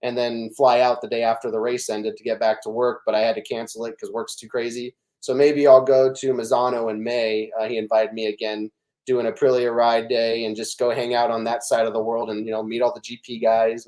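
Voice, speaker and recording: A middle-aged man, a podcast guest, telling stories in animated casual chat, with many fillers and restarts. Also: mid-range voice, a little fast.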